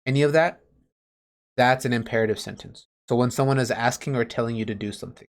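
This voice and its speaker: A man's voice: mid-range voice, fast. Patient male teacher on a video call. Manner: patient, explains with everyday examples. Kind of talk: online class lesson.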